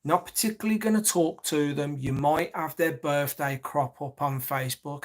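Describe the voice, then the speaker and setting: A man's voice: a little high, moderate pace, hardly any pauses. A man telling a long personal story in an agitated, repetitive rant, swearing often. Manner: agitated, swears heavily, repeats himself.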